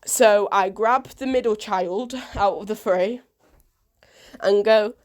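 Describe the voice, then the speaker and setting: Animated woman telling a story. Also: medium pitch, takes it slowly. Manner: animated storyteller who acts out quoted dialogue. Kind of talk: storytime vlog.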